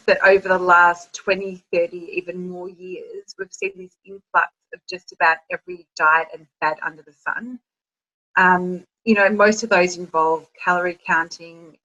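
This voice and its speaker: A woman's voice: fairly low pitch, bright, forceful tone, low-quality recording. A woman, presenting to an audience in a friendly way with frequent ums.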